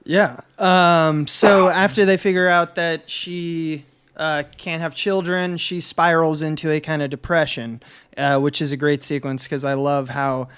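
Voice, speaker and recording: A man on a film podcast, recapping the plot in a loose, meandering way, filling the gaps with "uh" and "like." His voice is slightly high for a man and smooth and clear. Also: little pitch movement, a little slow, a bit bright. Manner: rambling, full of "uh" and "like". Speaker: podcast co-host. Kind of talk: casual film discussion.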